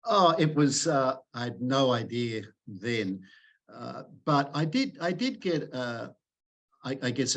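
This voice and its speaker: A man's voice: lowish voice, fairly bright tone. A man with an Australian accent, a podcast guest who talks conversationally and often repeats words as he starts a sentence. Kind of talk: relaxed interview conversation.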